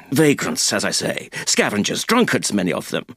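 A man's voice: on the low side, huge pitch swings, a little slow, fairly bright tone, slightly rough, no room sound, clean studio sound, voice pushed down, full character voice. Man voicing a sneering drunk sea captain. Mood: scornful. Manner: sneering, contemptuous, slurring. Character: drunk bitter older male ship captain.

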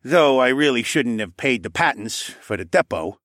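A man's voice: medium pitch, lively intonation, moderate pace, fairly bright tone, no echo, studio quality, voice pushed up, close to an everyday voice. A man voicing a suspicious, foul-mouthed middle-aged man in a trench coat who grumbles. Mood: grumbling. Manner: grumbling, profane, paranoid.

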